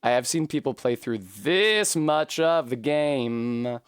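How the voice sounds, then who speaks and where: A woman streaming a video game, talking casually and profanely, rambling between tangents and breaking into high yelps and shrieks when things go wrong. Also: lively intonation, slow, clear, resonant tone, dry recording, clean studio sound. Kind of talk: casual live-stream commentary while gaming.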